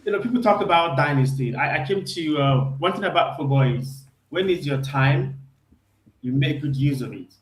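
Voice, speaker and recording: A hoarse man calling in as a guest on a fan show. He sounds elated, keeps repeating himself and talks haltingly with many ums. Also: fairly high pitch, animated, roomy sound, poor audio. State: hoarse from screaming. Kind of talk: casual chat.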